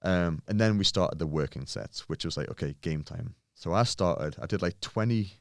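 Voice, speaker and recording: A man in his thirties telling a lively gym story in casual chat, swearing freely and acting out what people said. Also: deep voice, normal speed, creaky, dry recording, clean studio sound. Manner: animated, swears often, acts out quotes. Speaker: podcast guest, bodybuilder.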